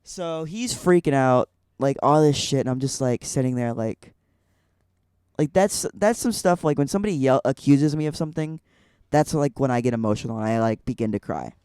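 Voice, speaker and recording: Young man, mellow smooth voice, rambling casual storytelling. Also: mid-range voice, moderate pace, no room sound, studio quality. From Illinois. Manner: rambling, heavy with "like" fillers. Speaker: podcast guest.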